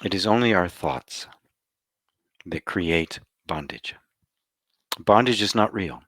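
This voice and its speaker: A man with a low voice gives a meditative spiritual talk at an unhurried pace. His tone is bright and forward, and he lets some phrases fall into a hushed whisper. The sound is dry and close. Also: animated, no echo. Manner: slow, contemplative, drops to soft whispers for emphasis. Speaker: spiritual teacher. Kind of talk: satsang talk.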